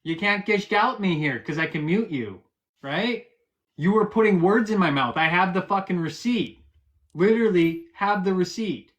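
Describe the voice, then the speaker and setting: A man's voice: high voice, animated, moderate pace, a bit bright. A man hosting a live stream, arguing in a profane, combative and mocking way. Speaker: livestream host. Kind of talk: heated live-stream argument.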